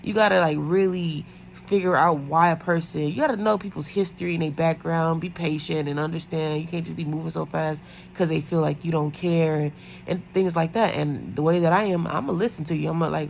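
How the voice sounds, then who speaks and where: A woman's voice: low voice, fairly even intonation, a little fast, creaky, darkish tone, slight background noise, poor audio. A woman who works as a night-shift nurse, chatting casually in a storytime vlog, rambling with lots of fillers.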